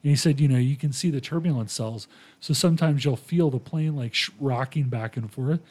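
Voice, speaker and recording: Man retelling a story with animated quotes. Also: medium pitch, brisk. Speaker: podcast host. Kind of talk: casual storytelling chat.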